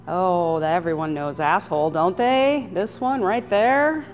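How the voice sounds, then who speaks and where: A woman's voice: fairly low pitch, measured pace, soft background music. A woman in an interview, explaining signs in a blunt, matter-of-fact way and swearing freely. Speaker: interviewee explaining sign language. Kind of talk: casual interview.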